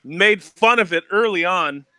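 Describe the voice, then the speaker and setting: Bright smooth-voiced guy chatting on a stream, laughs a lot, swears, dry sound. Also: sits high, measured pace, dry recording. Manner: laughing, loose, swears casually. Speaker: co-host. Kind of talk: casual stream chat.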